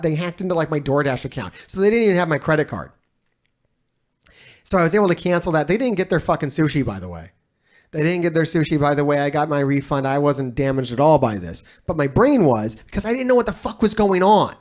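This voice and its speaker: A man giving casual reaction commentary as a streamer, telling a rambling story full of swearing. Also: fairly high pitch.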